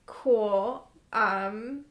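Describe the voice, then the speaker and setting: A woman's voice: mid-range voice, drawn-out words, reverberant. A young woman co-hosting a podcast, chatting casually and sarcastically with many fillers. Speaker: podcast co-host.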